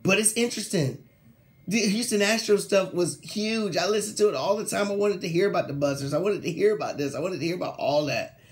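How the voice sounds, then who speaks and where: A young man hosting a sports talk show, ranting casually with slang, laughing mid-sentence and mocking quoted players in a lower voice. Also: brisk. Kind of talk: casual solo sports rant.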